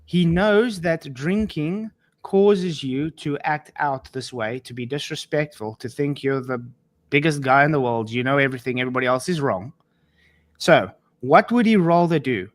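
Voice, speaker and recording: A man's voice: fairly high pitch, animated, moderate pace, dry recording. Insistent man arguing a point, dry sound. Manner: patient, insistent, repeats himself. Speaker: panel guest. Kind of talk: debating on a live panel.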